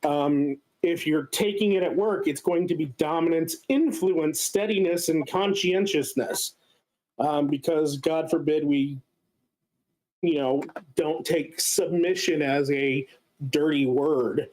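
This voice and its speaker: A man giving a casual explanatory lecture as a guest speaker, often pausing on filler sounds. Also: fairly high pitch, darkish tone, rough recording.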